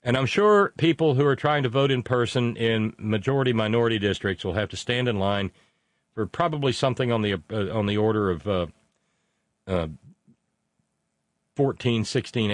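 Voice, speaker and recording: A man's voice: lowish voice, moderate pace, no echo. A man hosting a casual political talk show, reading out listener messages in a rambling, sardonic way with many fillers.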